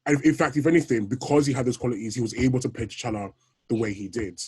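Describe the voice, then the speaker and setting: A man co-hosting a podcast, chatting casually and halting, repeating words before landing his point. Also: medium pitch, a little mellow, breathy edge. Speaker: podcast co-host. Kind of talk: casual chat.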